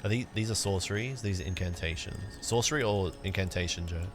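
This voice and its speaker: A young man casually chatting to his livestream chat while he plays a game, joking around and breaking into sudden excited outbursts. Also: low-pitched, a little fast, music in the background. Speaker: streamer.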